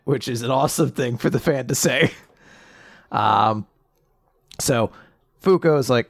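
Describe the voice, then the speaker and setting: A man in casual chat, retelling a story with lively asides, quick character voices and frequent laughter. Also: medium pitch, no echo, clean studio sound. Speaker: podcast co-host recapping a manga chapter.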